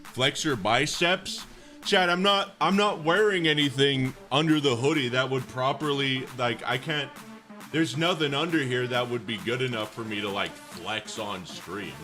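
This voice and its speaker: A man live-streaming from home, chatting casually with his viewers, joking and bursting into loud exclamations. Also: medium pitch, unhurried. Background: faint music playing.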